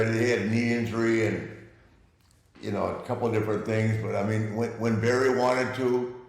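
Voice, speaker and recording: A man's voice: lowish voice, darkish tone. An older man telling stories as an interview guest, chuckling and rambling as he restarts his sentences. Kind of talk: casual interview storytelling. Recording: echoey room.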